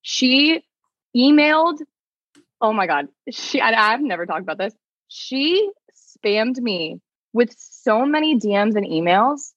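A woman, an attorney, telling stories in a fast, animated way, with lots of "like", as a guest in a casual podcast chat. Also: fairly high pitch, dry recording, dull audio. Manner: fast, animated storytelling full of "like".

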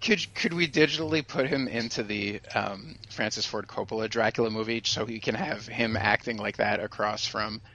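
A man's voice: on the low side, moderate pace, few pauses, sharp tone, poor audio. A man co-hosting a podcast, chatting casually about movies with short, dry remarks. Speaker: podcast co-host.

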